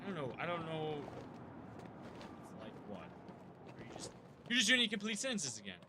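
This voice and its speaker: A man's voice: a little high, huge pitch swings, a little fast, noisy background. A man live-streaming a game, chatting casually with his viewers, rambling and swearing freely.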